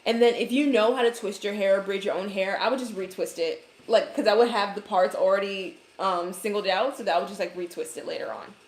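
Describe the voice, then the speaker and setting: A woman's voice: medium pitch, fairly even intonation, brisk, few pauses, reverberant. A woman from Brooklyn, New York, with a Brooklyn accent, chatting casually to livestream viewers and answering their comments with hair care advice.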